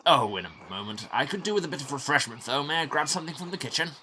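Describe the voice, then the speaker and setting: A man's voice: fairly low pitch, little pitch movement, fairly quick, pushed and bright, a little hiss or hum. A man voicing a haughty, eager male noble baron in a game, in a pompous, breezy manner.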